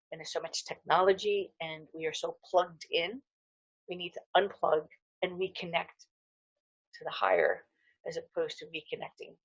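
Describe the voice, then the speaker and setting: A woman's voice: lowish voice, dry recording. Earnest middle-aged woman, dull lo-fi recording. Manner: earnest, heartfelt, with many fillers and restarts. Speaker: holistic dental hygienist. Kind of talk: casual wellness talk to camera.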